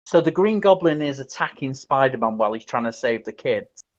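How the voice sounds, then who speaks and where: A man's voice: medium pitch, brisk. A man hosts a casual film podcast, walking through a movie scene step by step. He talks loosely, with frequent ums and restarts. The sound is a little dull and lo-fi. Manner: animated retelling, acts out quotes, many ums and restarts. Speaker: podcast host.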